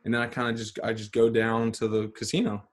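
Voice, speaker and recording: A man who is a podcast guest, telling a story in a relaxed, rambling way with many fillers and restarts. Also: medium pitch, quick pace. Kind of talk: casual storytelling.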